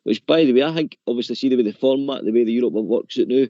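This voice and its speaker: A man's voice: medium pitch, racing, no echo. A man calling in to a radio phone-in, rambling about football with lots of "you know". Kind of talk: casual phone-in chat. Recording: dull dry lo-fi line.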